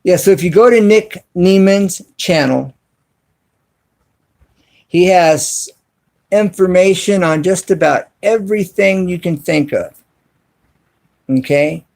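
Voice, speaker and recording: A man hosting a casual live stream from his cell phone, talking to viewers in the chat and spelling words out slowly and deliberately. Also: high-pitched, vocal fry, darkish tone. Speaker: YouTube channel host live streaming.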